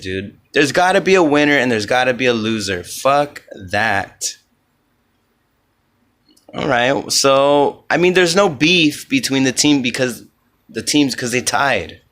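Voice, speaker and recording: Slow, rambling, profane male podcaster. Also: medium pitch, fairly bright tone. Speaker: podcast host and comedian. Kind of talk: solo podcast monologue.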